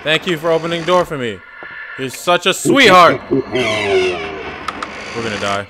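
Frantic, swearing man with a lively pitch. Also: a little slow, noisy background. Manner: swearing, frantic muttering and outbursts. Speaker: gaming YouTuber. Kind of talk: horror game let's play commentary.

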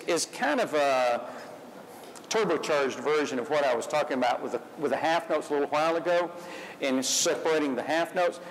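A man's voice: on the high side, a little hiss or hum, poor audio. A man leading a school band rehearsal, giving upbeat, encouraging instructions and singing the rhythms on syllables. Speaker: band clinician conducting a rehearsal.

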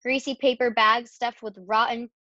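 A wise old sheep talks slowly and temptingly, dwelling on each item, as a woman voices her in a storybook. The recording is dull and dry. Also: a little high, level tone, bright, forceful tone, no room sound. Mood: persuasive. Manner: lingering over long lists.

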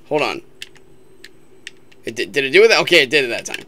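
A woman's voice: a bass voice, sing-song, fast talker, bright, forceful tone. A woman playing a roguelike and chatting with a child in a casual, playful, teasing way, recorded on a laptop webcam mic. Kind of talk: casual let's-play commentary.

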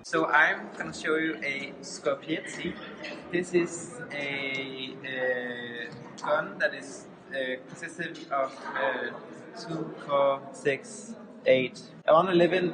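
A man's voice: on the high side, background noise. A young man with a Danish accent, chatting hesitantly as a student vlogger. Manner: hesitant, many pauses. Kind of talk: casual vlog commentary. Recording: loud music behind.

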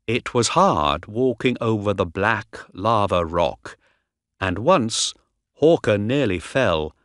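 A man narrating a graded reader story aloud, slow, deliberate and expressive. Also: on the low side, dry recording, clean studio sound. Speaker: audiobook narrator.

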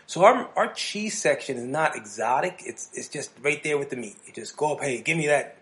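A man's voice: fairly high pitch, big pitch swings, normal speed, a bit bright. A man from New Jersey co-hosting a podcast, telling rambling stories in casual chat and slipping into playful voices. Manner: rambling storyteller who slips into playful character voices. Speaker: podcast co-host.

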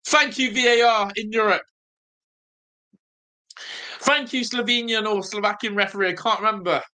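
A young man hosting a live football watch-along, nervous and excitable, groaning low one moment and shouting with joy the next. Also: normal speed. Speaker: fan watch-along host.

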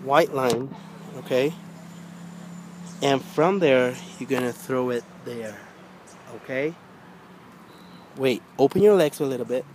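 A man's voice: slow, long pauses. Man, outdoor coaching, repetitive encouragement, faint background noise. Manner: encouraging, repetitive coaxing, gets loud and high when urging. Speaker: father coaching his daughter at basketball. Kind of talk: casual coaching. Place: outdoors by a hoop.

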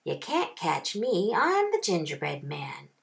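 A woman voicing a boastful gingerbread cowboy who taunts in a high singsong chant. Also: huge pitch swings, measured pace, creaky, full character voice. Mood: taunting. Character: boastful gingerbread cowboy boy, cocky runner.

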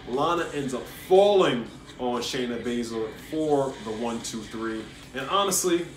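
Man, wrestling review host, casual solo commentary, animated rants, echoey room, faint hiss. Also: medium pitch. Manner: animated, rants and repeats himself when worked up.

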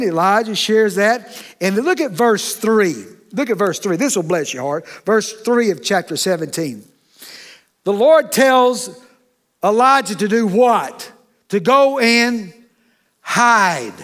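High-voiced pastor preaching. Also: male voice, fairly bright tone. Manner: folksy, with frequent "okay?" and "amen?" asides to the congregation. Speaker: associate pastor. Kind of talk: sermon.

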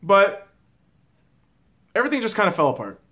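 Man, sports vlogger, exasperated profane rant, slightly high voice, bright and forceful. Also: very animated, normal speed. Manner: exasperated, swears a lot, calls audience boys and girls.

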